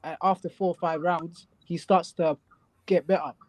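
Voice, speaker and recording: High-voiced London man talking boxing. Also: fairly even intonation, normal speed, darkish tone, dry recording, rough recording. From South London. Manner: repeats words, blunt opinions. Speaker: guest boxing pundit. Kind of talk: casual chat.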